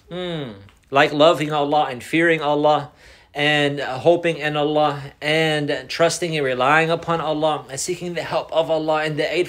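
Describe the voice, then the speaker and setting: Male teacher, slightly high voice, classroom lesson style, repeats key points and quizzes students. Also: a bit bright. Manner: mixes Arabic phrases into English. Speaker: Islamic teacher.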